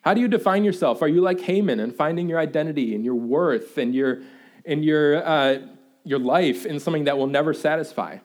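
A young man preaching a sermon in a church, telling playful, animated stories about his baby son. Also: fairly high pitch, fairly quick. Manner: animated storytelling, excitable and playful. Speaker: pastor.

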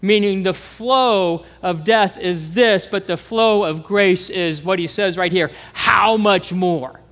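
A man from Kansas with a Kansas accent preaching a sermon as pastor, animated and asking the congregation questions. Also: high-pitched, a little slow, big-room sound.

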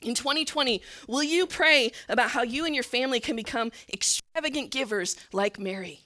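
High, bright-voiced woman preaching. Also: brisk. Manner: earnest, drops to a soft near-whisper at tender moments. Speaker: church leader. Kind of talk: sermon storytelling.

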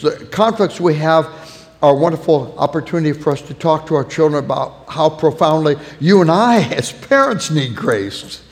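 A man preaching a sermon on parenting, earnest and warm, softening when he tells a family story. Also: fairly high pitch. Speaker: pastor teaching on parenting. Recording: long hall reverb.

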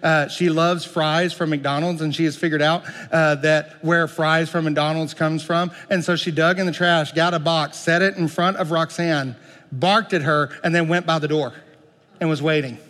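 Pastor, man, high-pitched, animated preaching that swings from loud pleading to quiet asides, reverberant church. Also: normal speed. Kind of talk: sermon.

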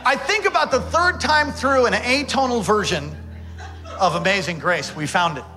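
A man, a pastor, telling a dramatic story in a sermon, swinging between loud excitement and hushed tones. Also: high-pitched, normal speed, over music.

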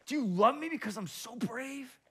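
A man voicing an excited little boy squirrel from a storybook, pleading with his father in a high, eager voice. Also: moderate pace, husky, full character voice.

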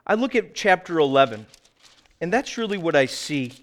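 A middle-aged man preaching a sermon as pastor, earnest, sometimes dropping low and quiet for emphasis, sometimes telling lively stories. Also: normal speed. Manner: animated storytelling with acted quotes.

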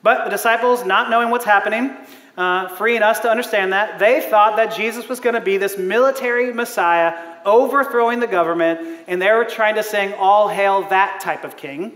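A man preaching a sermon as a pastor, animated, laughing often and acting out the voices he quotes. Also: sits high, a little fast. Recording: echoey hall.

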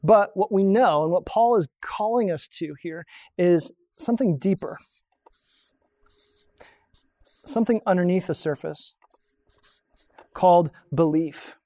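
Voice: mid-range voice, a little slow, pauses often, warm tone, no room sound, studio quality. A pastor giving a conversational sermon, explaining points on a drawn diagram and asking the listeners rhetorical questions.

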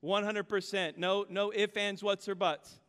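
A man in his thirties, a pastor preaching a sermon in a church, earnest and storytelling, moving between loud and hushed. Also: high voice, steady tone, measured pace, smooth. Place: church sanctuary. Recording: long hall reverb.

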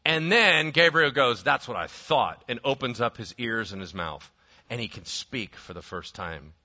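Bright-voiced, animated preacher, lo-fi. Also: male voice, mid-range voice, normal speed. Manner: animated storytelling, swings from hushed to shouting. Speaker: pastor. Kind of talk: sermon.

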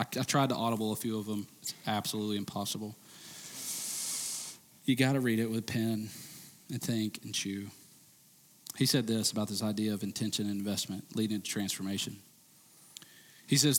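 A man, a pastor, preaching a sermon in a church sanctuary, swinging between loud emphatic peaks and quiet, intense stretches. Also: lowish voice, brisk, long pauses. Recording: long hall reverb from a church sanctuary.

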